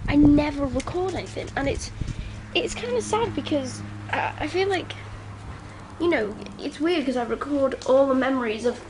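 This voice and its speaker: A high-pitched teenage girl chats into a handheld camera, exhausted and rambling, with lots of giggles and false starts. The clip is a casual home video diary. A clear hiss of room noise sits under her voice. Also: expressive, normal speed. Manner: rambling, giggly, many restarts. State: very tired after a night out. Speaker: vlogger. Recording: noisy home ambience.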